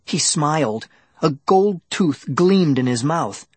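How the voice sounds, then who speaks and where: A man narrating a children's adventure audiobook in the first person, with lively, dramatic storytelling. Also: fairly high pitch, slow, slightly rough, no room sound.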